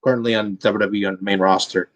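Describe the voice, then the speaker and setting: Dude hosting a wrestling review podcast, casual and blunt, swears a lot. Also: male voice, lowish voice, steady tone, quick pace. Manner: blunt, swears, leans on "man". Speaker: podcast host.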